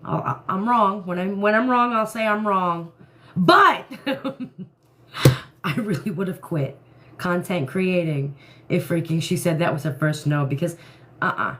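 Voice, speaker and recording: A woman talks to her live-stream viewers from home in a loose, chatty way. She goes off on animated rants, speaking straight into a phone, and laughs between thoughts. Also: lowish voice, a little slow, long pauses. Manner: ranting, animated, laughs often. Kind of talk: casual live-stream chat.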